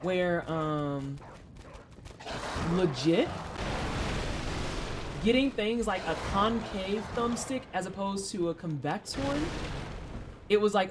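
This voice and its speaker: A woman's voice: mid-range voice, animated, slow, pauses often, background noise. A woman streaming her gameplay, chatting sarcastically with her chat and laughing often. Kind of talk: live-stream gameplay commentary, reading chat.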